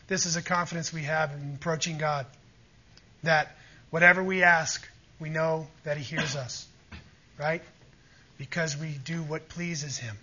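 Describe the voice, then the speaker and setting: A man's voice: a little high, fairly even intonation, unhurried, pauses often, pushed and bright, lo-fi sound, a little hiss or hum. A man preaching a sermon with emphatic, fervent delivery, often calling out to his listeners for agreement. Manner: emphatic, rising to fervent peaks, asks the audience "Amen?".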